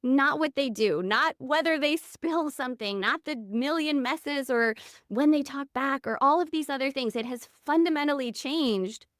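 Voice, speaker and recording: A woman's voice: high-pitched, moderate pace, fairly bright tone, no echo, clean studio sound. A woman in her thirties, a podcast guest telling personal stories in an earnest, candid way. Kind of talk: reflective interview conversation.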